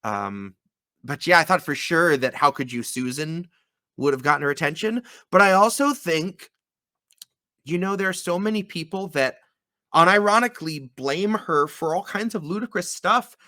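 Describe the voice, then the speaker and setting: A man with a bright, fairly high voice talks casually on a live stream, joking and laughing between thoughts. He sounds close to the microphone in a dry space. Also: animated, moderate pace, no echo. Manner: joking, laughs often, swears. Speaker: co-host and musician.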